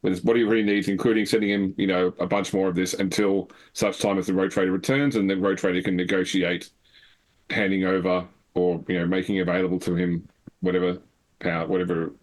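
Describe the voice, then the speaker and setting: A man's voice: low-pitched, flat delivery, a little fast. A man playing a tabletop game, talking hesitantly with many restarts. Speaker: player. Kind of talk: casual tabletop play.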